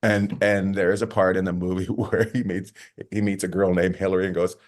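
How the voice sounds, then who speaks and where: A man's voice: low voice, flat delivery, brisk. A man co-hosting a casual podcast, telling rambling joking stories and laughing at his own punchlines. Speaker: podcast co-host.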